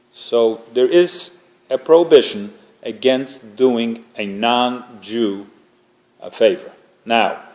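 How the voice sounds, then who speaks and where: A man's voice: medium pitch, darkish tone. A man teaching an informal religious class, talking conversationally and making joking asides to the group.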